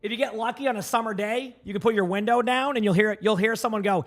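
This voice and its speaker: A man from Massachusetts without a regional accent, rambling casually to his live-stream chat with lots of filler words and quick answers to viewers. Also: high voice, faint music behind.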